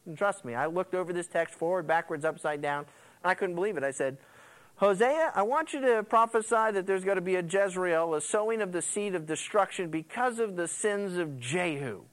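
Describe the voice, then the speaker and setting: A man's voice: sits high, a little fast. A man preaching a sermon, reading scripture aloud and reacting to it with asides and jokes for his congregation. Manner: animated, quips and laughs with the congregation. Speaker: pastor.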